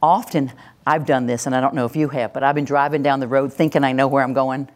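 A woman teaching a workshop to an audience, animated and acting out example voices. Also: extremely low pitch, fast. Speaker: teacher trainer.

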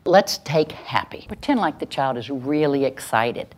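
Low-voiced woman leading a parenting workshop. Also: unhurried. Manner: lively, acts out little scenes and quoted voices. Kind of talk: live instructional talk to an audience. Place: venue with stage lights and an audience.

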